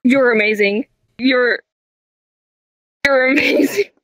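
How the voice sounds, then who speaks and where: A woman's voice: high voice, takes it slowly, a bit bright, no echo. A woman in a casual voice chat, gushing and hesitant.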